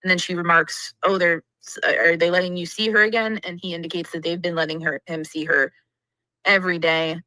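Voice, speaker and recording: Female co-host, lowish pitch, bright tone, dry close sound; analytical livestream chat. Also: steady tone, a little fast, no room sound, rough recording. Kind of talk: livestream discussion.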